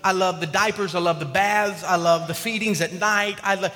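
A man's voice: high voice, fairly even intonation, moderate pace, bright, forceful tone. A man preaching a sermon to his congregation in a church, conversational and joking with the people in front of him. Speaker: pastor. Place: church sanctuary. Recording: long hall reverb.

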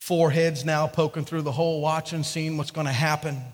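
A man preaching a sermon as a pastor, telling a story with animated delivery and acting out the characters. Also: on the high side, normal speed, in a large hall.

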